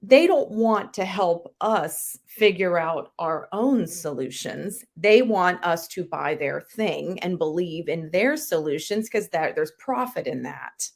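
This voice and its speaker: A woman, a health coach and author, telling a personal story as a podcast guest in an animated, emphatic way with sudden jumps in pitch. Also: slow, creaky, few pauses.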